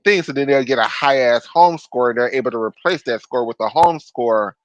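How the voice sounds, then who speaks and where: A man's voice: mid-range voice, brisk, no room sound, highs cut off. A man co-hosting a casual chat podcast, blunt and opinionated, swearing casually. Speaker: podcast co-host.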